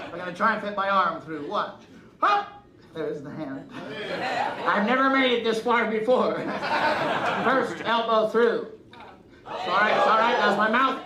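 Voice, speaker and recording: A man performing a live stage comedy routine, joking at his own expense and coaxing the audience to cheer along. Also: high voice. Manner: joking, self-mocking, coaxing the crowd to cheer. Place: live venue before an audience. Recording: roomy distant mic with loud crowd and noise.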